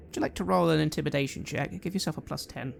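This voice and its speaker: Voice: mid-range voice, quick pace, creaky, a little hiss or hum. A game master narrating scenes and calling for dice rolls in a tabletop game. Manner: lively descriptive narration.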